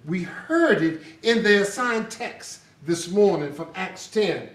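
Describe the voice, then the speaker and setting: A man preaching an animated sermon in a church, storytelling with laughter. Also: sits high, slow. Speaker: pastor. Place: church sanctuary. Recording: echoey sanctuary, distant mic.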